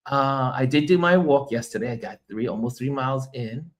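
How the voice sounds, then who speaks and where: Middle-aged American male host, travel-weary, loose chatty delivery, laughs a lot, mid pitch. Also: a little fast. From United States. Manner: chatty, laughs often, reads viewer comments aloud. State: tired from travel and little sleep. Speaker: livestream host. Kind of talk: casual livestream chat.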